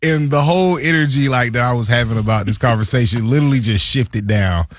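A man's voice: medium pitch, fast, dry recording, studio quality. A man who played pro football, co-hosting a casual sports talk and telling stories about his playing days in a laid-back way. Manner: storytelling, laid-back, animated retelling.

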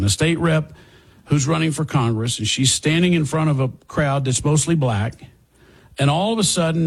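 Husky sarcastic male talk host. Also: on the high side. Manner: sarcastic, emphatic, plays clips. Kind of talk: political commentary monologue.

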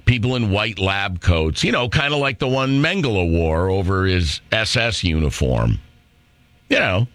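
A brash, sarcastic middle-aged man rambles through an opinionated monologue as host of a talk radio show. Recorded on a studio microphone with no echo, his lowish voice is very animated, a bit bright, and delivered at normal speed.

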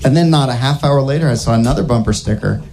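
A man doing a stand-up comedy set, telling a rambling absurd story in a deadpan way. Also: mid-range voice, fast, crowd noise.

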